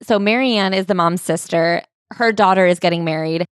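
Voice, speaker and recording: A woman co-hosting a casual book club podcast, briskly and wryly summarizing a memoir. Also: on the low side, smooth, dry recording, studio quality. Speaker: podcast co-host.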